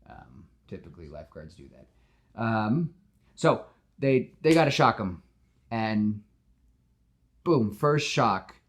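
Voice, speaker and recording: A man with a somewhat low voice tells a movie pitch in a casual, animated way. He leans on "like" as a filler and slips into acting out the characters' lines as he goes. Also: takes it slowly, pauses often. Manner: animated storyteller, full of "like" fillers, acts out dialogue. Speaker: podcast host pitching a movie. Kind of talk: casual retelling of a film pitch.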